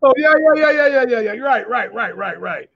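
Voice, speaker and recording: A man's voice: very high voice, lively intonation, brisk, lo-fi sound. A man hosting a casual video call chat, telling rambling stories full of restarts. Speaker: host.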